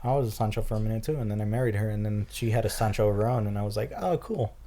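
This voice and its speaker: A man's voice: fairly low pitch, little pitch movement, rapid-fire, warm tone. A man in his mid-twenties co-hosting a casual chat in a laid-back, dry way. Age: 20s. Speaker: podcast co-host.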